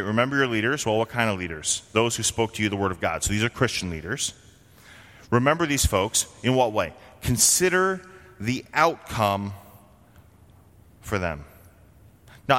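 Low-voiced pastor preaching in a hall. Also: male voice, a bit bright. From Vermont, USA. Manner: conversational preaching, rhetorical questions. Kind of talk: sermon.

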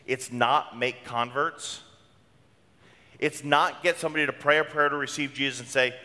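A man's voice: mid-range voice, steady tone, normal speed, pushed and bright. A middle-aged man, preaching a conversational sermon from a church. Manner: conversational preaching with homely stories. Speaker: pastor. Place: church sanctuary. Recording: long reverb of a church hall.

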